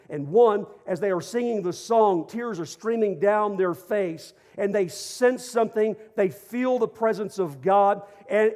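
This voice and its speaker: A middle-aged man, a pastor preaching a sermon, slowing down to stress his words. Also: high voice, a little mellow, long reverb tail. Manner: preaching with shifting emphasis, slows for stress. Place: church stage.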